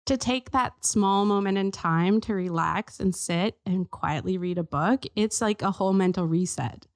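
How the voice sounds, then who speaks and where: Woman podcast host in her 30s, easygoing chat, animated when she gets into it. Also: mid-range voice, moderate pace. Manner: animated, plays with silly voices while telling parenting tips. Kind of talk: casual chat.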